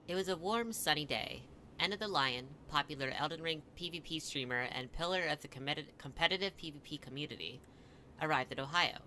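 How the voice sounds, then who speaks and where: A man's voice: fairly high pitch, fairly quick, pushed and bright, a little hiss or hum. A man reading a comic fan story aloud in a mock-dramatic way, with wry asides.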